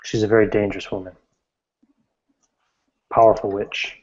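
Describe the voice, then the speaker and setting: A man's voice: lowish voice, flat delivery, normal speed, darkish tone. A man narrating as game master, describing scenes in a matter-of-fact way. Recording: dull lo-fi recording.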